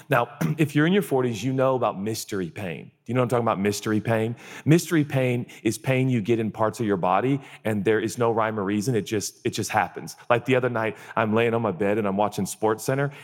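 A man in his forties, a pastor giving a sermon, who mixes comic storytelling and acted-out quotes with earnest questions. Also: long reverb tail. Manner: comic storytelling, acts out groans and quotes in a high voice.

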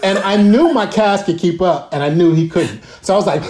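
Man, guest storyteller, profane and animated, acts out voices, video call, echoey room. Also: high-pitched, a little fast. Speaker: guest actor telling a story.

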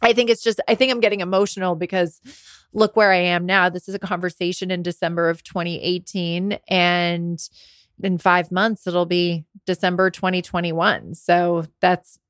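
In clean studio sound with no echo, a woman around forty speaks in a fairly low, level tone at normal speed. As a podcast host and business coach, she tells a candid personal story, admits she's exhausted and under the weather, and grows emotional, restarting often.

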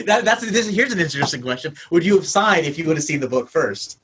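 A man hosting a conversational interview from a dojo, asking probing questions and reflecting with halting restarts. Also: fairly high pitch, animated, fairly bright tone, breathy edge.

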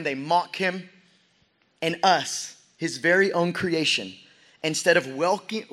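A young male preacher with a high, bright, ringing voice delivers a dramatic sermon. He swings from hushed, intimate lines to near-shouted peaks, and voices the characters in his story as he goes. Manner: acts out crowd voices in quoted asides.

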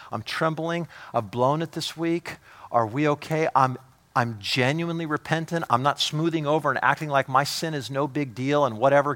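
A man preaching a sermon as a pastor. He talks with emphatic urgency that drops to hushed intimacy, repeating words when fired up. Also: medium pitch.

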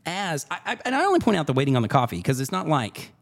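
A man hosting a podcast, telling a story in a casual, animated way and repeating phrases for emphasis. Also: fairly high pitch, fast, gravelly. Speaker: podcast host.

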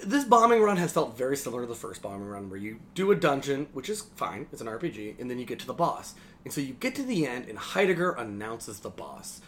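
A young man co-hosting a podcast, ranting casually about a video game in a sarcastic, animated way, swearing freely and acting out lines. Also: mid-range voice, quick pace, a little hiss or hum. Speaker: podcast co-host. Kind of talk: casual game critique chat.

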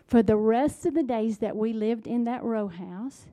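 A middle-aged woman giving a devotional talk, telling a personal story that drops to hushed tones and builds to emphatic points. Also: fairly high pitch, measured pace. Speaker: speaker.

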